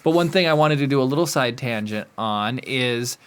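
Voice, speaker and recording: A man co-hosting a podcast in casual chat, jokey and animated, often laughing. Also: medium pitch, normal speed, clear, resonant tone. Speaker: podcast co-host.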